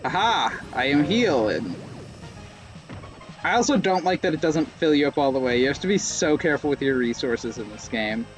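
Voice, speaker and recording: A man's voice: a little high, animated, moderate pace, soft background music. A young man streaming live gameplay, rambling with self-mocking jokes and sudden yelps.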